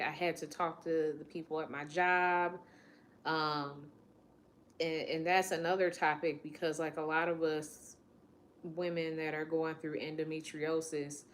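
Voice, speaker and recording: Slight background noise sits under a low-pitched, somewhat bright female voice. The speaker, a vlogger in her late twenties, recounts something from her own life with candor and emotion, frequently quoting what people said to her.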